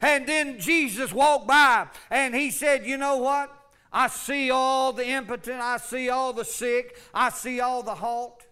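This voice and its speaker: A man preaching a fervent sermon, swinging from loud calls to low asides. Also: steady tone, unhurried, smooth. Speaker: pastor.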